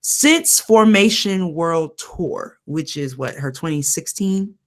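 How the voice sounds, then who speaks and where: A woman's voice: lowish voice, takes it slowly. Emphatic woman podcast co-host. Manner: animated, emphatic, repeats herself, slangy. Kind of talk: casual chat.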